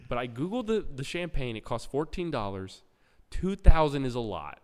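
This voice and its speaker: A man's voice: medium pitch, normal speed, smooth. A man telling a long story in casual chat on a live podcast, acting out the people he quotes. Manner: animated storyteller, acts out quotes loudly. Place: live show in a hall. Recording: reverberant hall.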